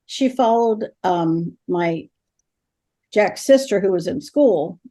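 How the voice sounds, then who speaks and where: Slow and mellow, in a mid-range voice full of animation, an older woman guest tells interview stories about her work as a ghost helper, playing out the conversations as she goes.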